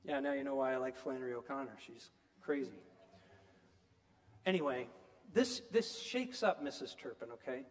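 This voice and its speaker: A man preaching a sermon, retelling a story in an animated, emphatic storytelling manner. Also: mid-range voice, normal speed, pauses often, long reverb tail.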